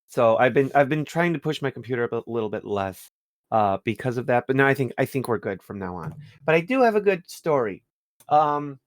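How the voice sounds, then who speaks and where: Young man, podcast co-host, slightly high voice, dry close sound, rambling storytelling. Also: no echo. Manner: rambling, many fillers and restarts. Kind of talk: casual storytelling about a game.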